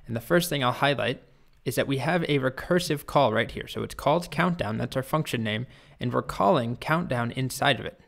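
Young guy teaching code, casual and upbeat, chatty, mid-pitched. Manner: conversational, upbeat, playful. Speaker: programming instructor. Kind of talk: casual coding lesson with storytelling.

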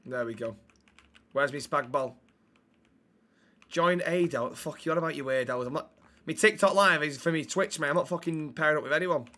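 While gaming, a young man swears and jokes bluntly with his live chat into a desk microphone, his slightly high voice ringing very bright. He keeps a moderate pace but leaves long pauses.

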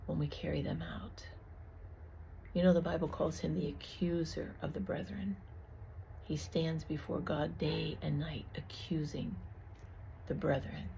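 A woman's voice: low voice, steady tone, measured pace, gravelly, a little mellow, a little hiss or hum, rough recording. A woman preaching informally to her online viewers in an earnest, emphatic way, often calling them "guys".

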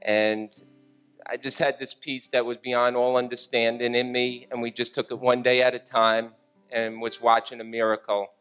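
A middle-aged man tells his testimony in a smooth, clear voice that stays level and even. He speaks earnestly and steadily, with faint guitar music under him in the church. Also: medium pitch, normal speed. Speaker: church guest giving testimony. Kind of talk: personal testimony. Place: church stage.

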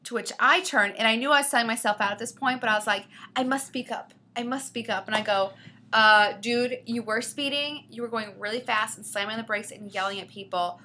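A woman co-host tells a story in a bright, clear voice that sits a little high. She is animated and acts out each quote, dropping or lifting her voice to play the people she describes. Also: brisk. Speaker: podcast co-host. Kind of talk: casual storytelling chat.

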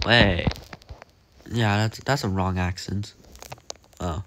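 Slow and lowish, with frequent pauses, this young gaming commentator jokes around animatedly and talks to himself as he plays. Background noise is audible.

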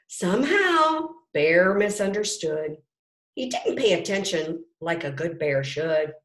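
A woman reading a rhyming picture book aloud to children, with gentle asides to her listeners. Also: on the low side, big pitch swings, slow pace. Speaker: storybook reader. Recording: roomy echo.

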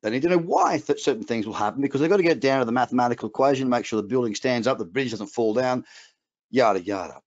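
Speaking fast with lively intonation, a middle-aged man delivers a motivational webinar presentation as a trading coach. His mid-range voice has a darkish tone, and his Australian accent holds a trace of English. He's emphatic and adds chatty asides, all captured in muffled, lo-fi audio.

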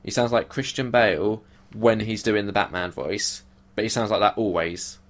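A man's voice: on the low side, normal speed. A young man co-hosting a podcast, chatting casually and complaining animatedly, swearing freely. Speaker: podcast co-host. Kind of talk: casual chat.

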